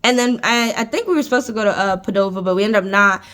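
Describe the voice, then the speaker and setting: A woman's voice: mid-range voice, fast, bright, forceful tone. A young American woman in her twenties talking casually to her camera indoors, chatty and exasperated, filling her talk with "like" and "I was just like". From United States. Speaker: vlogger. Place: indoor room with adjustable lighting.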